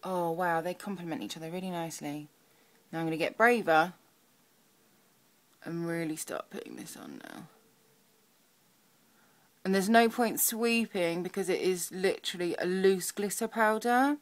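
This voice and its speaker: A woman's voice: lowish voice, expressive, moderate pace, long pauses. A young woman chatting through a makeup tutorial, muttering to herself as she works. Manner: chatty, talks to herself while working, soft murmurs. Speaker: beauty vlogger.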